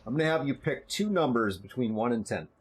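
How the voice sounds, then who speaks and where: A man narrating as game master of a tabletop role-playing game, describing scenes in a halting, conversational way with frequent restarts. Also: mid-range voice, expressive, breathy edge.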